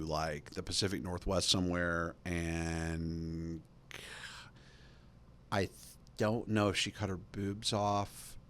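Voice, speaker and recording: A man with a fairly low voice tells a long, rambling story on his podcast. He fills it with "like" and "you know". He jumps up in pitch when he acts out what people said. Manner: conversational, acts out quoted lines with jumps in pitch; drawling fillers like "like" and "you know". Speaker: podcast host. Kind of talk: casual storytelling monologue.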